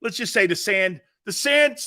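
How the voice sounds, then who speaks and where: Animated high-voiced sports talk host. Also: male voice, moderate pace. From Connecticut. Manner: animated, laughing, acts out quoted voices. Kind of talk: loud storytelling on a sports talk show.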